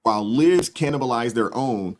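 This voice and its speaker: A man hosting a live stream, casually reading viewer comments aloud and chatting in a relaxed, agreeable way. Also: mid-range voice, moderate pace. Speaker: host.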